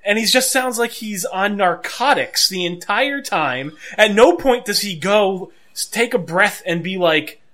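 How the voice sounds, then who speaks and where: A man co-hosting a podcast, telling a story in an animated, wry way and riffing casually. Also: sits high, measured pace, hardly any pauses. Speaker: podcast co-host. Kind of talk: casual chat.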